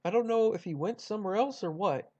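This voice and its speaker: A man's voice: high-pitched, quick pace, a little mellow. Rambling young guy on a dull mic. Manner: rambling, many fillers and restarts. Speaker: YouTuber ranking cartoon rivals. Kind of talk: casual commentary.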